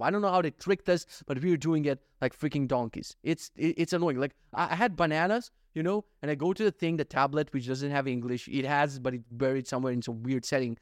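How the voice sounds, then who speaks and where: A young man with a fairly high voice talks straight into the mic in a casual, animated rant. He swears freely and sounds exasperated. The sound is dry, with no room echo. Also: brisk. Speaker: vlogger. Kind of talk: casual ranting monologue.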